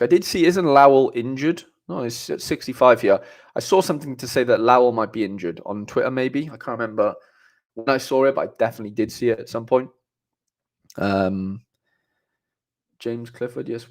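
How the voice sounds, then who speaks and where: A man's voice: mid-range voice, moderate pace. A young man hosting a live stream, reading viewer comments aloud in a casual, rambling way with lots of fillers and restarts. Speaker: livestream host.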